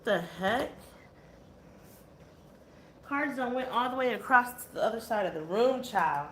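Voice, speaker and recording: A woman's voice: on the high side, lively intonation, unhurried, fairly bright tone, slight background noise. A woman giving a casual tarot reading, blunt and chatty with exasperated asides. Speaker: tarot reader.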